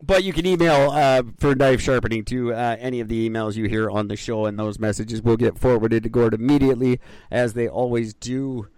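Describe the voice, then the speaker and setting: A man's voice: mid-range voice, steady tone, fairly quick, darkish tone, clear, resonant tone, no echo. Joking man chatting on a podcast. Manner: joking, rambling, self-mocking. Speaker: podcast co-host. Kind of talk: casual chat.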